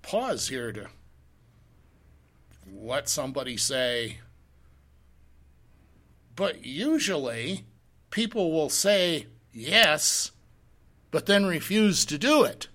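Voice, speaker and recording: A man delivers a verse-by-verse sermon at an unhurried, measured pace. His voice is bright and a bit higher than usual, and he pauses to put rhetorical questions to his listeners. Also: sing-song. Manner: slow, deliberate, reads scripture in old-fashioned wording. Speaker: pastor. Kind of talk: sermon, verse-by-verse Bible teaching.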